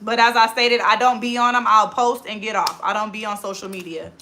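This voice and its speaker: A woman in her thirties hosting a casual livestream on her phone, chatting quickly as she reads out viewer comments. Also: medium pitch, steady tone, pushed and bright, slight background noise. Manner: very fast, rapid-fire talker. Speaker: livestream host.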